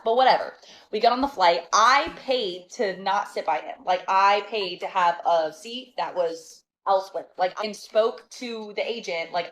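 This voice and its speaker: A woman telling a storytime in a casual, animated and sassy way, exasperated and laughing between lines. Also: fairly high pitch, a little slow, low-quality recording.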